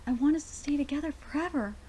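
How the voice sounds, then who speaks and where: Figure: a lonely cursed immortal young man, read aloud by a woman. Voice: mellow, fairly high. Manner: brooding, confessional. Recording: faint hiss. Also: fast talker, lightly acted.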